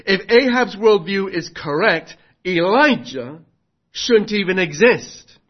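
A man's voice: high voice, lively intonation, slow pace, muffled recording. A man preaching a sermon earnestly, putting rhetorical questions to his congregation.

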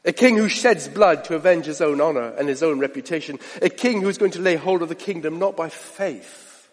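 A man preaching a sermon, dramatic and full of rhetorical questions, often dropping to a hushed aside. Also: a little high, normal speed. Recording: long reverb of a large hall.

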